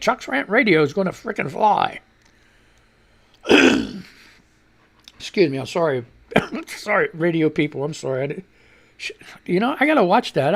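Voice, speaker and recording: A man hosting a radio show, reading news headlines aloud and then ranting about them with profanity. He often coughs and clears his throat, and his voice climbs higher when he gets worked up.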